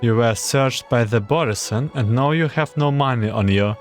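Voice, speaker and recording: A man's voice: medium pitch, moderate pace. A young man streaming a game, reading text aloud and muttering anxious reactions. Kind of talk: game playthrough commentary. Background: game music.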